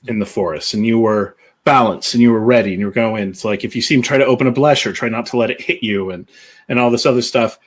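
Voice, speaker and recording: A man running a tabletop role-playing game, narrating scenes slowly and deliberately. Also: mid-range voice, slightly rough. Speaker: game master.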